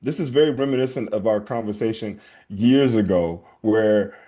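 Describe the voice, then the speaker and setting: Upbeat male co-host, easygoing, on the low side, acts out scenes. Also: moderate pace, dark tone. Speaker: podcast co-host. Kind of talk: casual chat.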